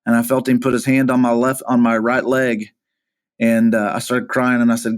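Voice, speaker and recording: A pastor being interviewed, earnestly recounting a hard personal story, often halting and repeating words as he goes. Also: mid-range voice, little pitch movement. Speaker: pastor, podcast guest.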